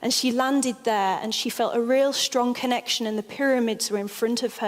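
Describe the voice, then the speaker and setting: A woman giving a stage talk as an expert speaker, an expressive and animated storyteller. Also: a little high, moderate pace, few pauses, in a large hall. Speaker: expert speaker on altered states.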